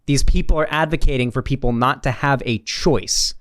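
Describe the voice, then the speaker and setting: A man's voice: medium pitch, normal speed, a bit bright, no room sound, studio quality. A young man hosting a political reaction video, talking in a sarcastic, rambling way with many restarts. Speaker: political commentary host. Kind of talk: reaction commentary.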